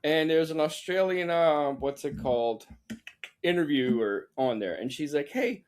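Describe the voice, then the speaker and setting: A man with a fairly high voice co-hosts a casual comedic podcast. He tells stories in an animated way with plenty of fillers, and he breaks into mocking voices to act out the people in them. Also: moderate pace. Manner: animated storytelling with mocking impressions, many fillers. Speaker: podcast co-host.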